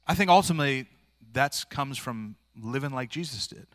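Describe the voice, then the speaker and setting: A man's voice: mid-range voice, animated, moderate pace, hardly any pauses, no room sound. A male pastor preaching a sermon in a plain-spoken, earnest, informal way, restarting phrases often. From rural area.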